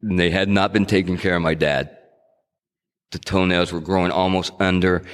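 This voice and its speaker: Deep-voiced middle-aged man, echoey hall. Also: a bit bright. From New England. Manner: earnest, conversational storytelling with frequent restarts. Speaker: recovery meeting speaker. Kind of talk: personal testimony at a sobriety meeting.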